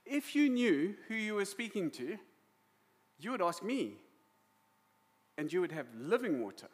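Man voicing Jesus in a sermon retelling, calm, direct, knowing. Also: high voice, measured pace, slightly rough, voice pushed up, heavily acted. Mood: earnest.

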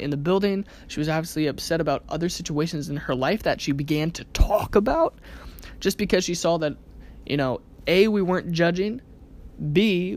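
A podcast host giving a casual self-help monologue in a conversational way, often checking in with the listener by asking "right?" and laughing now and then. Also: mid-range voice.

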